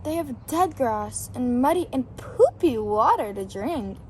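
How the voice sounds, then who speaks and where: A woman's voice: on the high side, lively intonation, measured pace, warm tone, a little hiss or hum. A woman voicing a caring, tender-hearted sheep who asks eager questions, in an amateur scripture drama. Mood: worried.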